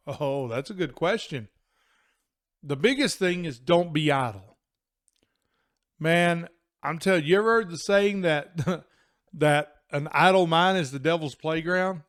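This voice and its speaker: A man with a somewhat high voice records a motivational video in his computer room at home. He talks in an earnest, emphatic way, often repeating words for weight. He addresses viewers casually, like friends. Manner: casual Southern-style address with "y'all" and "man". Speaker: vlogger. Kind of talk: motivational talk to camera.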